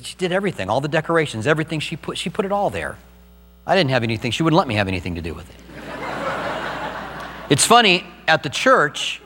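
A man's voice: mid-range voice, fairly bright tone, big-room sound. A middle-aged man preaching a sermon as pastor, earnest and personal as he tells his own story.

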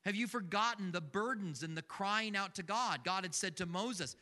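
An older man preaches with a bright, forceful edge to a fairly high voice. He talks conversationally and throws questions at his listeners. His voice rings with a long hall reverb. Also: moderate pace. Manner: conversational, asks the congregation questions. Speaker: pastor. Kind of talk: sermon.

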